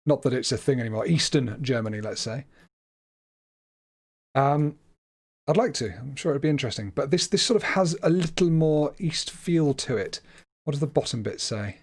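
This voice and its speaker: A man's voice: medium pitch, expressive, normal speed, husky. A British man giving casual, self-deprecating livestream commentary on a game while laughing often. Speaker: streamer.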